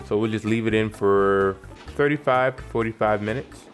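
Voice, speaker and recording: A man's voice: fairly low pitch, normal speed, soft background music. A man from New York narrating a cooking tutorial with wry, joking asides. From New York, United States. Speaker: cooking channel host.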